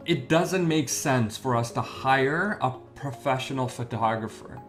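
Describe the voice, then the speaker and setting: A man who works as a wedding MC and magician, hosting a casual interview and talking in an animated, rambling way with restarts. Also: mid-range voice, normal speed, few pauses, soft background music.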